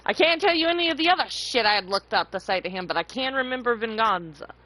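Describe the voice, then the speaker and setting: A woman's voice: fairly high pitch, lively intonation, quick pace, pushed and bright, low-quality recording. A woman streamer chatting casually and profanely with her viewers, teasing and laughing. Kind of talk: casual live-stream chat.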